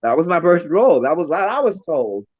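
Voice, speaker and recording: A middle-aged man, a makeup artist and female illusionist, telling stories in an interview with lively acted-out quotes and frequent laughter. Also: on the high side, fairly quick, dry recording. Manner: animated, acts out quoted voices, laughs often. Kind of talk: storytelling interview. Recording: dry, slightly dull lo-fi recording.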